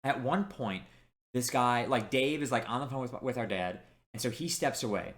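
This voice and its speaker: A young man co-hosting a podcast, telling a story in animated, casual chat and quoting people as he goes. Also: mid-range voice, moderate pace. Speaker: podcast co-host.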